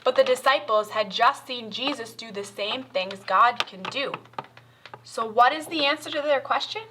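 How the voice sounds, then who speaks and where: A woman leading a children's Bible lesson and prayer, explaining things gently and simply to young kids. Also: a little high, normal speed, background noise. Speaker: children's church teacher.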